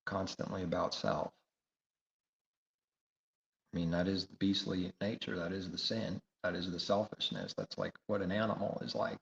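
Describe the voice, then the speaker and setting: A man's voice: low voice, vocal fry. A man preaching a sermon, emphatic and repetitive, firing rhetorical questions. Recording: echoey room, dull lo-fi sound.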